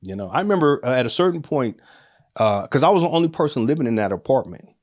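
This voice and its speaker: A man's voice: mid-range voice, fast, dry recording, studio quality. Man telling a story, laughing often. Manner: animated, laughs often, acts out quotes with raised voice. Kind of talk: casual personal storytelling.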